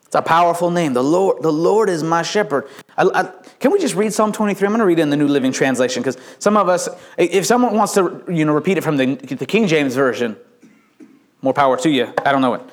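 A man's voice: fairly high pitch, lively intonation, fast. A man preaching a sermon with playful jokes and frequent stammered restarts, a father of young kids. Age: adult with young children. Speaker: pastor.

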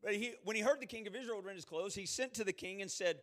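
High voiced guy preaching, loud quotes then real quiet asides. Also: fast talker. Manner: dramatic, swings from shouted quotes to hushed asides. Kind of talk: sermon.

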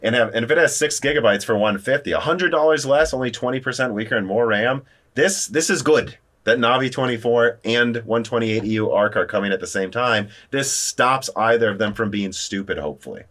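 Here a podcast host chats casually about tech, full of animation. He keeps going through quick restarts, his voice leaping around in pitch.

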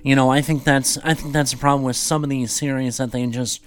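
A man's voice: mid-range voice, steady tone, fairly quick, clean tone. A man co-hosting a casual chat show, opinionated and rambling with restarts as he makes his points. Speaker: podcast co-host.

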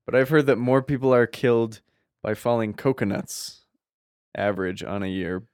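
A man's voice: mid-range voice, moderate pace, clean tone, no echo, clean studio sound. A man in casual conversation, thoughtful and hedging as he makes his points. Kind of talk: casual podcast chat.

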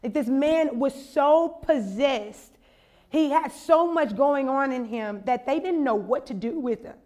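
A young woman with a bright, high voice gives a sermon. She chats loosely and jokes with her listeners, then builds to a passionate, urgent appeal. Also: measured pace. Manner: conversational, humorous, building to impassioned exhortation. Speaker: conference speaker.

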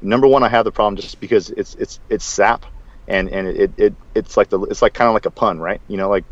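A man co-hosting a podcast in casual chat, rambling and animated, with many restarts. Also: lowish voice, fairly quick, dry recording. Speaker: podcast co-host. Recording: dull, lo-fi sound.

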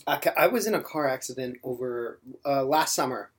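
A man's voice: medium pitch, a little fast. A young man in casual podcast chat, blunt and swearing freely as he tells a story.

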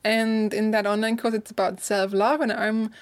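A woman's voice: medium pitch, level tone, normal speed. A young adult woman from Germany, talking casually as an interview guest, laughing often and filling her speech with "like". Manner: chatty, laughs often, many "like" fillers. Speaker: guest, author and course teacher.

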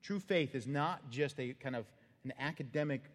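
A man preaching a sermon as pastor, animated and acting out the voices and cries of the story. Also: medium pitch, moderate pace, in a large hall.

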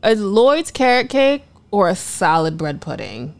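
A woman's voice: mid-range voice, very animated, measured pace. A woman co-hosting a casual chat, frank and opinionated, sometimes reflective. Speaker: podcast co-host.

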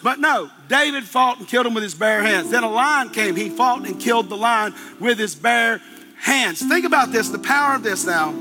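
A man's voice: high-pitched, bright, forceful tone. A man preaching a sermon, retelling a story in a folksy, colloquial way with plenty of asides.

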